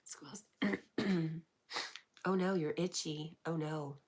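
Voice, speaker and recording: A woman hosting a livestream, reading out chat messages and answering them in an affectionate, soft-spoken way that often slips into a whisper. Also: sits low, fairly even intonation, takes it slowly, husky. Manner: warm, affectionate replies with frequent laughs. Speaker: livestream host.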